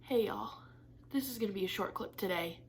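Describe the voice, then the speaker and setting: A woman's voice: medium pitch, fairly quick, a little hiss or hum. A young woman chatting candidly to camera in a craft vlog, swearing casually and laughing often, teary and disappointed. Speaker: craft vlogger.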